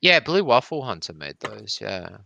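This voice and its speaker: A man's voice: lowish voice, sing-song, normal speed, creaky, sharp tone, highs cut off, slight background noise. A man chatting casually, rambling through a long story with frequent swearing. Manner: rambling, swearing, explaining community drama. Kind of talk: casual chat.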